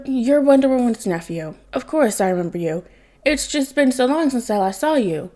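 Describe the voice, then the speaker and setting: A woman's voice: fairly high pitch, lively intonation, normal speed, mellow, pitched above the performer's own voice, natural voice. A woman voicing a flustered man who is impersonating an archer superhero and keeps defending himself.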